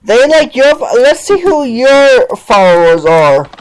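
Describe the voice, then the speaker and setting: A man's voice: very high-pitched, big pitch swings, unhurried, clear, resonant tone, rough recording. A male podcast host ranting in a mocking, sarcastic way, over and over asking "seriously". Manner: sarcastic, keeps saying "seriously".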